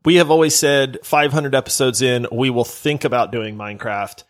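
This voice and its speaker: A man co-hosting a casual gaming podcast, animated and quick to laugh, talking into a close mic at home. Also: medium pitch. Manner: animated, laughing, does silly voices when reading. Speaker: podcast co-host. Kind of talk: casual chat.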